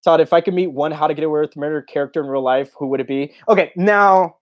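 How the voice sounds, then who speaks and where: Chatty young man, slightly high voice. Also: fast, dull audio. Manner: chatty, reads viewer comments aloud and laughs often. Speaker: YouTube host. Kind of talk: casual livestream Q&A chat.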